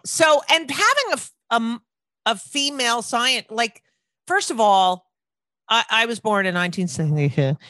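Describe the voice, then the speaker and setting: A woman's voice: a little high, lively intonation, moderate pace, bright, forceful tone, no room sound. A middle-aged woman from New Jersey hosting a podcast interview, rambling and swearing casually, often breaking off mid-sentence. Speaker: podcast host.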